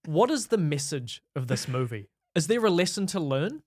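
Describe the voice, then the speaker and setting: A man co-hosting a podcast in casual chat, wry and steady, prompting the discussion with questions. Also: fairly high pitch, normal speed, dry recording, clean studio sound. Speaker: podcast co-host.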